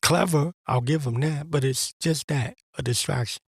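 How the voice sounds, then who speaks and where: A man's voice: on the high side, moderate pace, gravelly, breathy edge, no room sound, clean studio sound. A man giving a blunt, profane religious monologue as host, in an exasperated and crude manner. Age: adult veteran.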